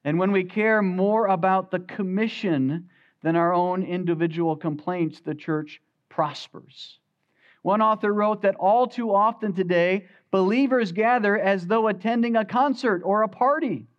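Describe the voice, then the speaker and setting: A man preaching a sermon as pastor, swinging from loud emphatic peaks to quiet, low asides. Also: a little slow, highs cut off.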